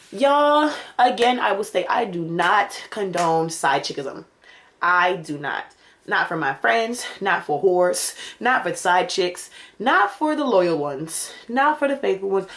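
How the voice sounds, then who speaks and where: A young adult woman vlogger telling a storytime, animated and slangy, jumping between loud exclamations and quiet asides. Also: on the low side. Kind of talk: casual storytime monologue.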